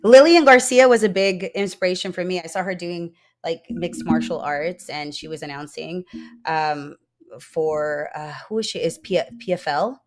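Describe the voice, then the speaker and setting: Chatty American woman, lowish voice. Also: normal speed. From United States. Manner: chatty, animated, many fillers. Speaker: guest, ring announcer. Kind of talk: casual interview chat.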